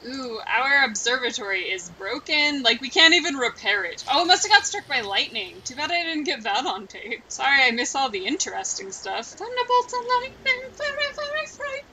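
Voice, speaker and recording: Let's-play commentator, female, high voice, lively and hammy, casual. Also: a little hiss or hum, rough recording. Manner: chatty, playfully melodramatic.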